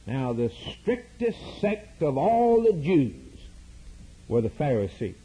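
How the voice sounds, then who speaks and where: A man's voice: a little high, very animated, slow, dark tone, husky, poor audio. A man preaching a sermon in an emphatic, repetitive cadence, heard as a radio broadcast.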